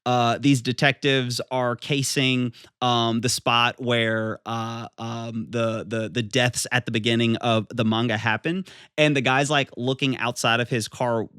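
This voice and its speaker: A man's voice: medium pitch, little pitch movement, measured pace, bright, forceful tone, clear, resonant tone, no echo, clean studio sound. A man giving a casual, enthusiastic video review of a manga, rambling with lots of fillers and restarts.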